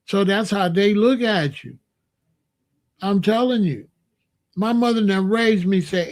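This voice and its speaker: A man's high voice, slightly mellow and measured, with long pauses, carries an emphatic, repetitive rant delivered as a monologue to camera. He's a Chicago commentator who draws words out for emphasis.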